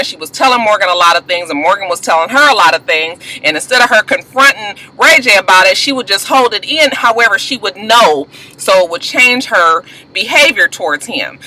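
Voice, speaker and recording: A woman's voice: medium pitch, sharp tone, rough recording. A woman recapping a reality TV reunion in a casual gossip vlog, blunt, profane and exasperated.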